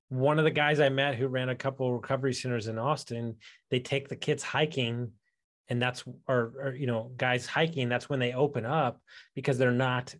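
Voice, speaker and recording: A man hosting a casual podcast chat, retelling a story in a loose, animated way. He stumbles and restarts often. His voice sits at a middling pitch. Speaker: podcast host.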